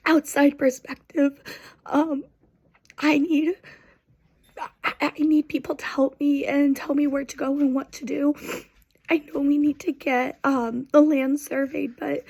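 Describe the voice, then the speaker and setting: A woman in her twenties talking to camera in a personal video, speaking softly with a halting, near-whispered delivery. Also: high-pitched, gravelly, poor audio. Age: 20s. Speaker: vlogger seeking advice.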